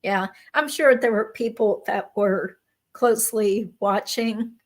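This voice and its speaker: A woman's voice: mid-range voice, slow. A woman, a lawyer hosting a YouTube show, talking in a friendly, conversational way on a video call. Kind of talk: casual interview chat.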